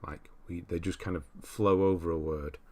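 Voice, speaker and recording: A man's voice: low voice, fairly even intonation, moderate pace, a little mellow. A man hosting a livestream, casually rambling as he reads out viewer comments and answers them. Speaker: livestream host.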